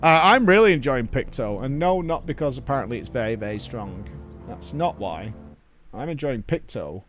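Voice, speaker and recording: A man's voice: mid-range voice, lively intonation, normal speed, fairly bright tone, faint music behind. A man streaming an online game, chatting casually with teammates and viewers, joking and swearing as he cheers them on.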